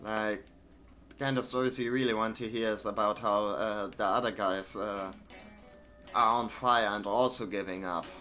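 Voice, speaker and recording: A man's voice: on the low side, fairly even intonation, moderate pace, sharp tone, soft background music. A man streaming a game who reads its newspaper clippings aloud, then drops into hesitant, filler-heavy asides with dry, wry remarks. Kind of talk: reading game text aloud and commenting on it.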